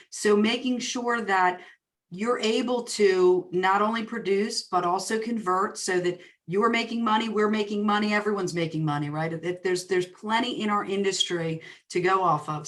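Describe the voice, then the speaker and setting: A woman with a New Jersey accent, a real estate coach presenting a webinar in a fast, excited, upbeat way. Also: mid-range voice. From New Jersey, US Northeast.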